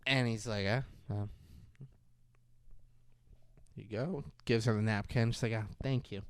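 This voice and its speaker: A man's voice: lowish voice, moderate pace, clear, resonant tone. A man co-hosting a podcast, retelling a film scene by scene in casual chat, acting out lines and swearing. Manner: animated, acts out scenes, swears. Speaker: podcast co-host. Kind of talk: casual movie recap chat.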